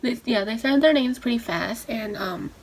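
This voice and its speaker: A young woman telling a rambling, excitable story while doing her makeup for a vlog. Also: on the high side, moderate pace. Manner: rambling, excitable, lots of fillers. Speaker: beauty vlogger.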